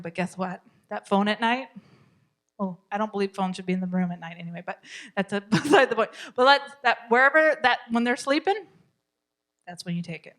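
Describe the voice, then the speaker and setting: A woman's voice: medium pitch, expressive, normal speed, a bit bright. A woman leading a parenting class at a church. She talks in an encouraging way, repeats her key points and laughs often. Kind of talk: live parenting class talk.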